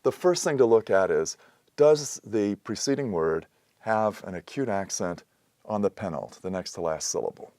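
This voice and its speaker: A man calmly explaining a grammar lesson in a methodical, patient way, with a few fillers. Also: lowish voice, normal speed, no echo. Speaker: teacher. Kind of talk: explanatory lecture.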